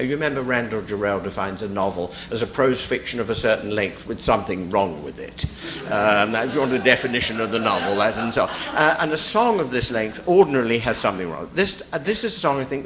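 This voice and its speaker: A man critic giving an analytical lecture in a hall. He pauses with frequent fillers and recites lines of verse aloud. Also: lowish voice, a bit bright, slight background noise. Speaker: literary critic giving a talk.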